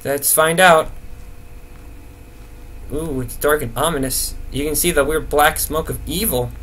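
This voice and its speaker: A young man rambling nervously through horror game commentary, swearing and talking to himself to stay calm. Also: a little high, unhurried. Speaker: gaming video host.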